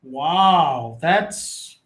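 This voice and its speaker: A man's voice: fairly high pitch, expressive, very slow, a bit bright. A man hosting a casual live chat, rambling through viewer questions, cursing freely and often interrupting himself. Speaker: livestream host answering chat questions. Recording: echoey room.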